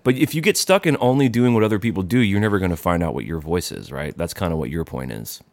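A man's voice: low voice, animated, fast, no room sound. A man co-hosting as a musician in a casual chat, with wry, dry humor. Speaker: co-host and musician.

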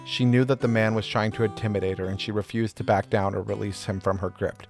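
A man narrating a story chapter in a steady, measured reading voice. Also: lowish voice, vocal fry. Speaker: audiobook narrator. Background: faint guitar music.

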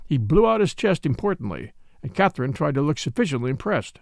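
A man reading a mystery novel aloud in an expressive, animated style of scripted narration. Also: on the high side, fast talker, vocal fry, hardly any pauses, dry recording, studio quality. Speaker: audiobook narrator.

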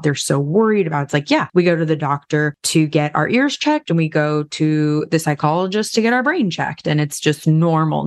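Frank, low-voiced woman podcast host. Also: no echo, clean studio sound. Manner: frank and candid, swears casually. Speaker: podcast host and addiction counselor. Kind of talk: conversational podcast advice.

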